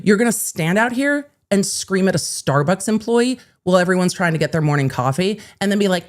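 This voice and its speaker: A woman lawyer hosting a legal commentary show, telling a story in a sarcastic, animated, profane way. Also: medium pitch, fairly quick, hardly any pauses.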